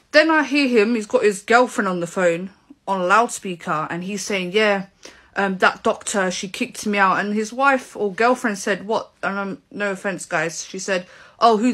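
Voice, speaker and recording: Bright-voiced young woman telling a story. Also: mid-range voice. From England. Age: 20s. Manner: animated, indignant storytelling. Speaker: vlogger. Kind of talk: storytelling vlog.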